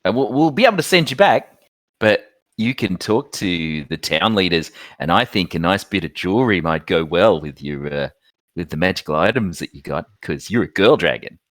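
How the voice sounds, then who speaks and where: A man's voice: low voice, expressive, moderate pace, fairly bright tone, dry recording, clean studio sound. A man playing a tabletop game, persuasive and chuckling as he talks. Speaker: player. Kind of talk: in-character tabletop play.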